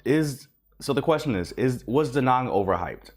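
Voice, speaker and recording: A man hosting a casual travel vlog, with a stuffed-up, congested voice, talking in a relaxed, rambling way. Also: mid-range voice, normal speed. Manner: laid-back, rambling, repeats himself. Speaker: travel vlogger, host.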